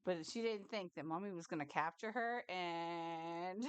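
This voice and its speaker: Woman streamer, smooth clear voice, dry close mic, playful cat-mom chatter. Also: on the low side, lively intonation, slow pace, fairly bright tone, no room sound. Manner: playful, coos at her cats. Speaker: live streamer. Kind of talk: casual live-stream chat.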